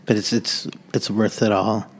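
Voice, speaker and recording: Low gravelly guy on a podcast, halting, lots of restarts, faint noise behind. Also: flat delivery. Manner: halting, many restarts and fillers. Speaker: podcast guest. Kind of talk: off-the-cuff conversation.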